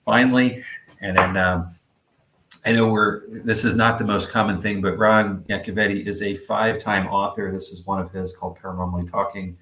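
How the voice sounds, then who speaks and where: A man's voice: low voice, roomy sound, noisy background. A man co-hosting a podcast in meandering, chatty conversation, full of fillers. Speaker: podcast co-host. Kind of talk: casual podcast chat.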